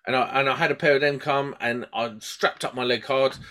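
A man's voice: mid-range voice, brisk. A man with a British accent chatting casually, telling a long rambling story and acting out the voices of the people in it. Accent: British English. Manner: rambling and animated, acts out voices in his stories.

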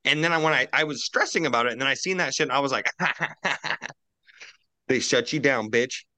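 A man's voice: fairly high pitch, moderate pace, pushed and bright, dry recording. A man on a casual roundtable podcast, ranting profanely and animatedly while drinking.

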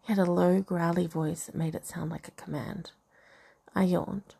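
Gravelly woman reading a racy novel aloud. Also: on the low side, steady tone, moderate pace, dark tone. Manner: reads dialogue and narration, breaks off to comment and laugh. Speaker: reader of a novel. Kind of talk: casual reading aloud with asides.

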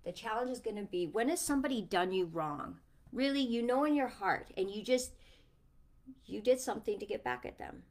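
A woman's voice: on the high side, lively intonation, a little fast, darkish tone. Mom chatting to her stream viewers, rambly and affectionate, lots of "like"s. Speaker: livestream host, mother. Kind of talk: casual livestream chat.

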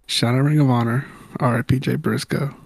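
Laid-back young man with gravelly voice. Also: medium pitch, fairly even intonation, brisk, no room sound. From Southern California. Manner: laid-back, wry storyteller. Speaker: podcast co-host. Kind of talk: casual chat.

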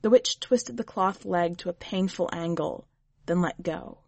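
A woman reading a short story aloud in a measured, unhurried way, as a podcast editor and reader. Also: on the low side, creaky, no echo. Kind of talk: scripted narration.

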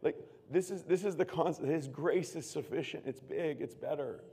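A man preaching a sermon as pastor, earnest, moving from hushed tones to loud emphatic bursts. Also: on the high side, moderate pace, husky. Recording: long reverb of a large room.

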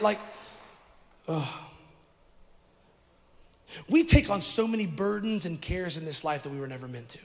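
A middle-aged male pastor delivering an energetic sermon and calling on the congregation to repeat words after him. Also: high voice. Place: church sanctuary. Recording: long hall reverb from a church.

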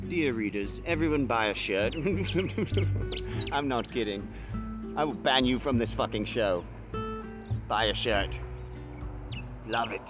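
A man doing a comic ad read for a podcast shirt, joking and slipping in mock threats. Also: medium pitch. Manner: slow, joking, sudden loud mock threats. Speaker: podcast host. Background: loud music.

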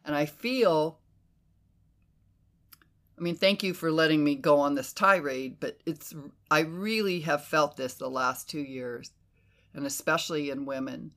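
Woman host chatting away, bright edgy voice, emphatic, curses a lot, acts out what she'd say to people. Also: low-pitched, a little slow. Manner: animated and emphatic, swears freely; breaks into quoted inner voices. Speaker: podcast host. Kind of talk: casual conversation.

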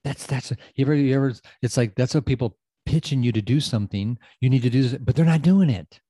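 Emphatic repetitive male coach, dark tone. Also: medium pitch, fast talker, breathy edge, no room sound, studio quality. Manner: emphatic, repeats phrases for effect; casual, loose grammar. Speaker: podcast host and coach. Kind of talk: motivational podcast talk.

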